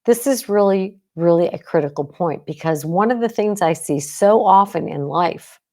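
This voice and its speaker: Speaking at normal speed, this podcast-hosting psychologist has a mellow, expressive voice on the low side. She chats casually yet intensely, stressing points, acting out quotes, and repeatedly asking "right?"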